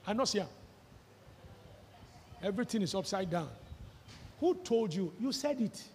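A male pastor preaching a sermon with fervour, shouting out scripture and quizzing his listeners. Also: high voice, animated, moderate pace, big-room sound, slight background noise. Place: church hall.

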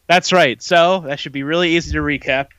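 A man's voice: fairly high pitch, fairly even intonation, a little fast, fairly bright tone, clear, resonant tone, no echo. A man co-hosting a podcast, rambling and joking in casual chat. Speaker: podcast co-host.

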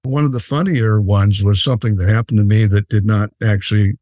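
A man playing a mellow, kindly Santa Claus. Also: lowish voice, fairly even intonation, no room sound, close to an everyday voice. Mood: gentle. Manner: gentle, unhurried, fatherly anecdotes with many fillers. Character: jolly old Santa Claus, kindly and patient. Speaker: interview guest. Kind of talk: in-character storytelling interview.

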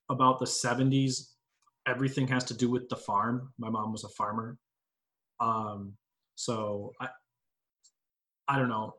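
Bright-voiced man in his late twenties. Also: medium pitch, low-quality recording. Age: late 20s. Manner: rambling, anecdotal storyteller. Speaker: panelist. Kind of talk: casual group discussion.

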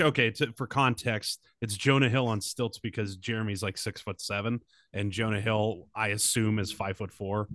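Low-voiced man hosting a podcast. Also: fairly bright tone, no echo, clean studio sound. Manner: rambling with many fillers. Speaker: podcast host. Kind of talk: casual comedic podcast chat.

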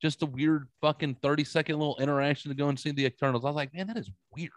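A man hosting a casual podcast, telling stories in an animated way and swearing freely. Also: on the high side, rapid-fire, no room sound. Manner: animated storytelling, swears a lot. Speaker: podcast host.

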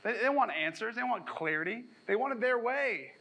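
A man's voice: very high voice, lively intonation, moderate pace, creaky, bright, forceful tone, rough recording. A man preaching a sermon in a casual, jokey way, slipping into sarcastic voices when he quotes people. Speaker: pastor.

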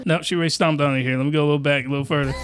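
A man's voice: a little high, fairly even intonation, very fast, a bit bright, clear, resonant tone, faint music behind. A man hosting a crude comedic reaction commentary, talking in rowdy, slangy, exaggerated outbursts. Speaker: commentary host.

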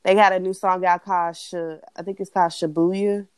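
A young woman co-hosting a casual chat, blunt and animated, swearing freely as she rants. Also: lowish voice, brisk, smooth, dry recording. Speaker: podcast co-host.

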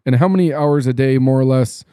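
Mellow-voiced podcast host man. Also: mid-range voice, fairly quick, clean tone, dry recording. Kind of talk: casual interview chat.

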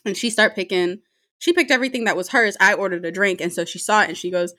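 A young woman with a bright, forceful voice tells a story straight to the listener. She is animated and swears freely, and her laughter keeps breaking through the telling. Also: mid-range voice, fast. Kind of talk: casual storytime monologue.

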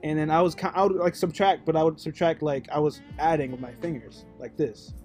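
A young man co-hosting a podcast, telling animated stories and laughing often. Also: a little high, brisk, faint music behind. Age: young adult. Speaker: podcast co-host. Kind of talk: casual podcast banter.

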